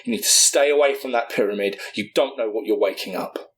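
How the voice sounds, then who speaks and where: A man's voice: medium pitch, brisk, lightly acted. A man voicing an urgent mysterious woman. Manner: urgent, pleading.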